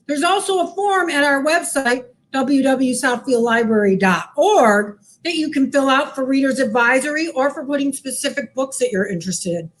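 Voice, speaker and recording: Lively sing-song woman teaching kids. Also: sits high. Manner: cheerful, sing-song, talks to children. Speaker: children's librarian. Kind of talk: cooking demo for kids. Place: library lounge.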